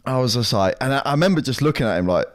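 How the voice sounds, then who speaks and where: Rattling along rapid-fire in a mid-range voice, this young podcast co-host recounts a story casually. He's animated, curses freely, and performs the quotes of the people involved.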